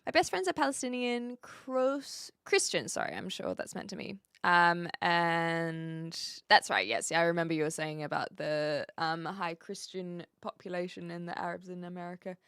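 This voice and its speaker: A woman's voice: on the low side, moderate pace, a bit bright, clear, resonant tone, no room sound, studio quality. A woman from New Zealand with a light Kiwi accent, chatting casually with viewers on a live stream, laughing often as she answers their messages.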